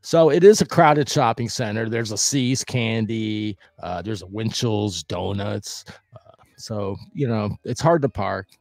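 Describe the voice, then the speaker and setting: An older man hosting a casual restaurant review vlog, talking in a rambling way with many fillers and the odd loud whoop. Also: fairly low pitch, a little slow, vocal fry, no echo. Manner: bursts of loud whooping cheers.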